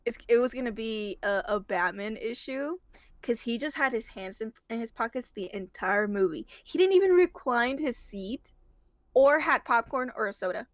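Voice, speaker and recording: A woman chatting casually as a guest, animated and giggly as she retells things. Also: on the high side, normal speed, no echo. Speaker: guest reviewer. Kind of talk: casual chat.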